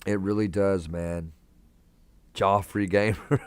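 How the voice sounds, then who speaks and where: A man's voice: lowish voice, expressive, slow, clean tone, no room sound. A young man hosting a casual live stream from a hospital room, chatting laid-back with viewers and calling them man and brother.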